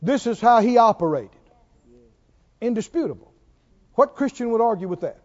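High, lively-voiced man preaching slowly. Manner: emphatic, asks the audience rhetorical questions; stretches out key words for emphasis. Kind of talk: sermon. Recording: reverberant, dull lo-fi church recording.

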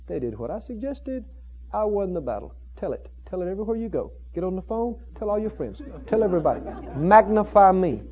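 A preacher acting out the devil as a sly, boastful male figure, speaking low and hushed as he savors his wins. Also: very animated, fairly quick, narrow, tinny audio, a crowd in the background. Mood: gloating.

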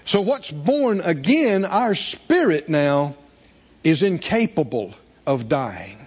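A male pastor preaches in a high, animated voice that swings widely in pitch. He reads scripture aloud and throws rhetorical questions to the congregation. The sound is dull and lo-fi, as if taped in a church. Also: slow, slightly rough. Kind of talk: sermon.

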